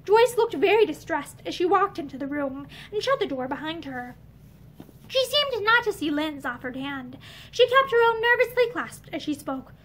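A woman reading a romance novel aloud in an expressive, earnest way, filmed in a room lined with bookshelves. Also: very high-pitched, moderate pace. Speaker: audiobook reader. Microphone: camera facing her.

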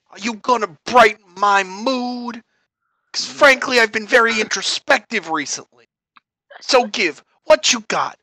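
A woman voicing a gruff male mob boss, drawling and mock-tough. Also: on the high side, sharp tone, dry recording, full character voice. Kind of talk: let's play voice acting.

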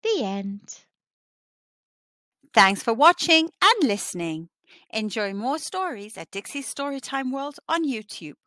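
A woman reading a children's picture book aloud in a lively, sing-song storybook manner. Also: a little high, slow pace, dry recording. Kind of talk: children's read-aloud narration.

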